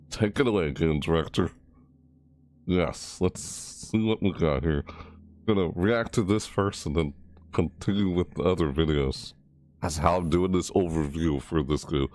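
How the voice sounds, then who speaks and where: A man casually rambling through a game overview and reaction, mumbling and restarting phrases as he corrects himself. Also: a little mellow. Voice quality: low mumbling delivery. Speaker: gaming video creator.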